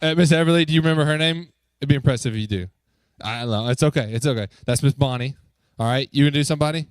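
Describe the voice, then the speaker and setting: Upbeat youth pastor, dry sound. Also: male voice, mid-range voice, smooth, no echo. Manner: upbeat, joking, coaxing the crowd with quick questions. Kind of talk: lively talk to a youth group. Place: church youth room.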